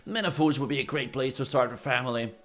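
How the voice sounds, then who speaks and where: A man's voice: mid-range voice, quick pace, fairly bright tone, natural voice. A man voicing a big lovesick talking tomcat, reading game dialogue dreamily.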